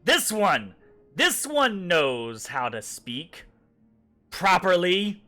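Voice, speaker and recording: A man voicing a proud, haughty male goblin leader who speaks in slow, booming proclamations. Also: huge pitch swings, bright, forceful tone, heavily acted. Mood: pleased.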